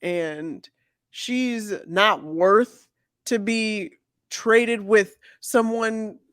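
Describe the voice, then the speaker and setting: Give me a woman podcast co-host who talks slowly and haltingly, with a dry close-mic sound. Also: mid-range voice, a bit bright, no echo. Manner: slow and halting, many restarts. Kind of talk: casual chat.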